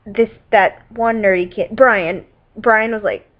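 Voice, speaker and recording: A teenage girl rambling about films she loves, in a casual vlog. She is loose and chatty, full of "like" and "um," and breaks off with little giggles. Her webcam audio sounds dull and lo-fi, at a middle pitch for a young woman. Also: steady tone, slow pace, slight background noise. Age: teens. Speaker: vlogger reviewing movies. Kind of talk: casual rambling movie talk.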